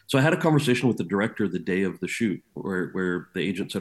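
Low-voiced man telling candid stories. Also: fast talker, few pauses. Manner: candid, lively, earnest anecdotes. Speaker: actor and author, interview guest. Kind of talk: storytelling interview.

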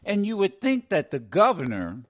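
A man's voice: high-pitched, huge pitch swings, normal speed. A man with an Ohio accent hosting a call-in radio show, emphatic and repeating his words as he talks. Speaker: radio talk show host.

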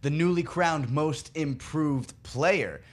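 A man's voice: a little high, takes it slowly. A man hosting a sports betting segment, upbeat, walking listeners step by step through his picks. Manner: upbeat, explains bets step by step. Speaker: producer and segment host.

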